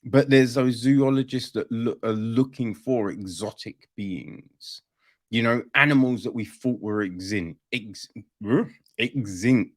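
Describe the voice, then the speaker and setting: A man's voice: medium pitch, expressive, a little slow. A man reviewing a film on a podcast in casual chat, rambling and swearing freely as he picks it apart.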